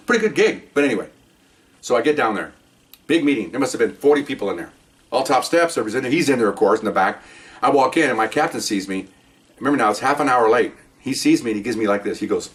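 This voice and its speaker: A man's voice: fairly low pitch, far from the mic. An older man, a retired police officer, telling a rambling story and checking in with "okay?" as he goes. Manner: rambling, animated, keeps adding "okay?". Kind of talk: casual storytelling monologue.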